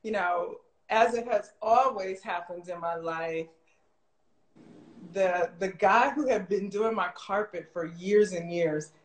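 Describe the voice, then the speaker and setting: A middle-aged woman telling a long personal story in casual chat, animated and full of "like" fillers, jumping high in pitch when she quotes people. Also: slow. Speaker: guest telling her story. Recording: roomy echo.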